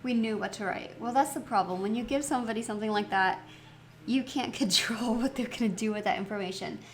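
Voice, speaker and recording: A woman chatting casually as she plays through a story game, reflective and quick to laugh. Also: mid-range voice. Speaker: let's play host.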